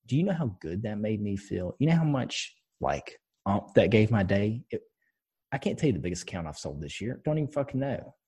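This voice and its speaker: A podcast co-host with a low, husky voice, talking in a loose, casual way. He is blunt and passionate, tells his stories with plenty of swearing, and keeps pressing his point home. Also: very animated, a little fast, warm tone. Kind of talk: casual chat.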